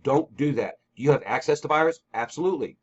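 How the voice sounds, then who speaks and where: A man's voice: a little high, animated, fast. A man giving an emphatic coaching talk on a training call, repeating key points and acting out sample scripts. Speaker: real estate trainer. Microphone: call recording. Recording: dull lo-fi call audio.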